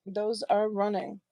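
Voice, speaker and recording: A woman runs a casual live jewelry sale, talking to her viewers one by one and calling them sweetheart and honey. Her pitch sits in the middle range for a woman. The sound is dry, with no room echo. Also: dull audio. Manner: chatty, affectionate, thanks viewers by name. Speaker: live-stream jewelry seller. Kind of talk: casual live-selling chat.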